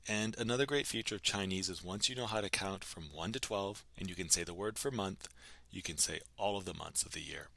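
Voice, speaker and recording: A man with a lowish but bright, forward voice teaches a recorded language lesson. He drills numbers patiently, asking and then answering each one. The sound is dry and close. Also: brisk, gravelly, no room sound.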